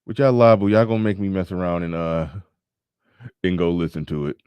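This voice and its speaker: A man's voice: sits low, brisk, smooth, dry recording, lo-fi sound. A male show host in a loose, rambling commentary with stammered restarts. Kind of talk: casual livestream commentary.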